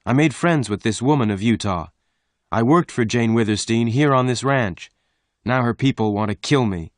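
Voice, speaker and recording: A man's voice: mid-range voice, moderate pace, no echo, clean studio sound, voice pushed up, close to an everyday voice. A man voicing a defiant young male ranch rider, speaking up in a raised voice.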